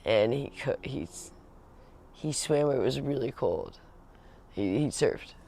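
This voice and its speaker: A woman's voice: a bass voice, lively intonation, takes it slowly, creaky, warm tone, a little hiss or hum. A woman hosting a home livestream, chatting in a rambling, casual way, laughing often and acting out the voices of people she quotes. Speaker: livestream host.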